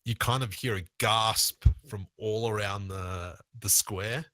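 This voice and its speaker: A man with an Australian accent narrating a tabletop game as game master, relaxed and thinking aloud. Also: lowish voice, takes it slowly, no room sound.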